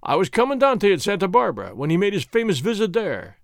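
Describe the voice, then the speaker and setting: A man's voice: sits high, wildly swooping pitch, fast talker, dry recording, studio quality, full character voice. A man voicing an arrogant army captain who speaks in a formal, self-assured, boasting way. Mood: boastful.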